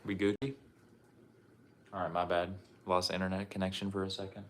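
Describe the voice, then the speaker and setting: A young man talks in a casual, rambling way, dropping curse words and restarting his sentences. His voice sits on the low side. A faint noise hangs behind him in the room. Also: flat delivery, fairly quick. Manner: loose, profane and repetitive, with frequent restarts. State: out of breath. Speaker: streamer showing his game collection. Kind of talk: casual livestream chat.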